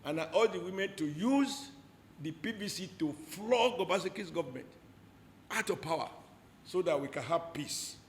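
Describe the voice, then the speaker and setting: Emphatic Nigerian politician in an echoey room. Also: male voice, high-pitched, animated, normal speed, slight background noise. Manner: forceful, rhetorical, repeats short punchy phrases.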